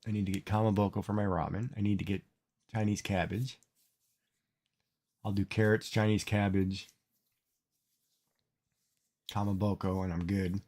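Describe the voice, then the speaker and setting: A man's voice: fairly low pitch, little pitch movement, moderate pace, pauses often, a little mellow. A middle-aged man streaming and chatting casually, rambling and repeating words as he talks. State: tearful, crying. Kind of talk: casual livestream chat.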